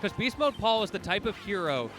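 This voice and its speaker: A man's voice: high-pitched, big pitch swings, brisk. A man giving live color commentary on a fighting game, analytical and explaining player habits, with playful quips. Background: game music.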